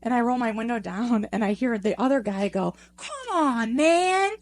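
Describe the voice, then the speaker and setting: A middle-aged woman chatting on a podcast, her voice sitting a bit high. She tells a story with animation and jumps up into exaggerated voices for the people in it. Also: a little fast. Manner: animated storytelling, acts out voices with big pitch swings. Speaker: podcast co-host. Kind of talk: casual chat.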